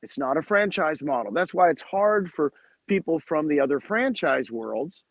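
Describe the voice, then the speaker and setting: High-voiced, enthusiastic man telling stories. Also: sing-song, moderate pace, low-quality recording. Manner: enthusiastic, acts out quoted dialogue. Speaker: guest. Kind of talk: animated storytelling in a podcast interview.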